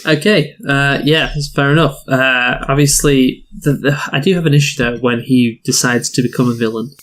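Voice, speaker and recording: A man's voice: medium pitch, fairly even intonation, normal speed, a bit bright. A man co-hosting a casual film review chat, opinionated and blunt, often acting out lines in put-on voices.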